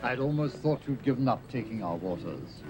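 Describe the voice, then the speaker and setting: An actor playing a genial gentleman greeting an acquaintance politely in a period film. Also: mid-range voice, lively intonation, a little fast, natural voice. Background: loud film score music.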